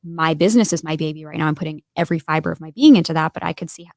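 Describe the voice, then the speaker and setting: A woman guest on a studio podcast, talking in an earnest, candid way with lots of "like" and "right?" tags. Her voice sits low and has a gravelly fry. The sound is close and dry. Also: very fast, darkish tone, dry recording. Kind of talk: candid conversational interview.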